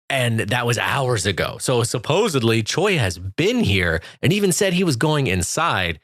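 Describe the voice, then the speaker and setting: A man's voice: mid-range voice, sing-song, moderate pace, few pauses, a bit bright, no echo, studio quality. A man co-hosting a podcast, casually walking through film scenes in detail and laughing along with his co-host.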